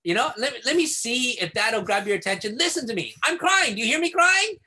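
A man doing a small child whining for ice cream, the voice pushed up high and bright with a forceful, pleading edge. It escalates in complaint, climbing louder as the kid demands attention. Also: lively intonation, fairly quick. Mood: whiny.

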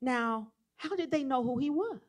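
A middle-aged woman preacher delivering a church sermon, telling the story quietly and then building to shouted, repeated rhetorical questions. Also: sits high, expressive, normal speed.

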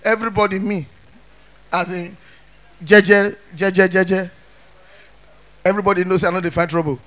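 A young Nigerian man doing stand-up comedy in pidgin, telling stories with animated voices and sudden shouts. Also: high-pitched, normal speed.

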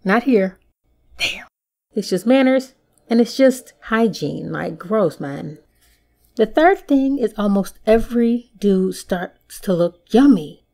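A woman's voice: medium pitch, animated, slow, gravelly, dark tone. A woman hosting a casual solo podcast, talking in a sassy, playful way with slang asides. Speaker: podcast host.

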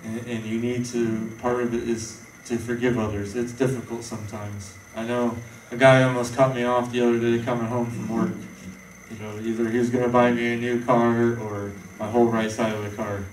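A man's voice: mid-range voice, flat delivery, normal speed, slight background noise. Man, preacher, informal sermon, rambling, conversational, echoey church hall, faint ambience. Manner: rambling, conversational, frequent fillers and restarts. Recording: echoey room, voice from far off.

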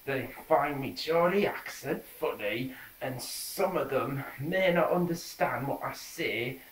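A man's voice: mid-range voice, lively intonation, takes it slowly. A man doing a rambling Geordie caretaker. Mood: chatty. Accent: put-on Geordie. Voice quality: broad dialect, rambling, cheeky. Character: chatty middle-aged Geordie man, cartoon school caretaker. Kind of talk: comic impression monologue. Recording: roomy echo, mic at a distance.

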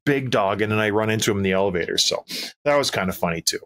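A man hosting a podcast, retelling a night out in a casual, animated way, laughing often and acting out quoted lines. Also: lowish voice, fast talker. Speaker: podcast host. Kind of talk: casual storytelling chat.

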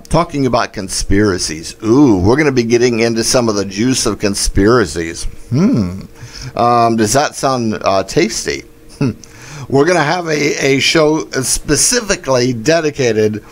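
A man hosting a live talk radio show, upbeat and chatty with many fillers. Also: medium pitch.

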